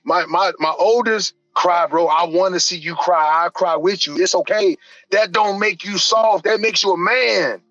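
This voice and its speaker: High, bright-voiced man, fired up. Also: normal speed, dry recording, dull audio. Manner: passionate and emphatic, often rising to near-shouting like a preacher. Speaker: strength and conditioning coach, podcast guest. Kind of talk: candid podcast conversation.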